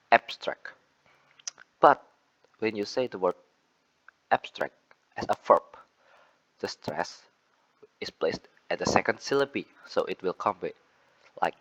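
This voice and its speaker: A young man with an Indonesian accent gives a class presentation on word stress in a deep, slightly bright voice. He repeats example words and corrects himself along the way, and the recording is rough.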